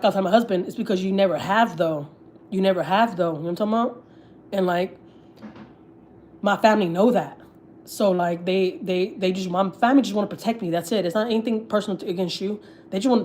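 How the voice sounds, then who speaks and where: A woman's voice: lowish voice, darkish tone, slight background noise. A young woman from Texas, a family vlogger, chatting candidly on a livestream, full of swearing and filler words. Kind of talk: casual livestream chat.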